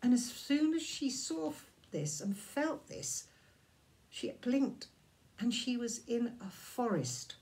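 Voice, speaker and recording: Slow, gentle woman storyteller. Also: fairly high pitch. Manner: gentle, drawn-out, expressive reading for children. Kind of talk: storybook read-aloud.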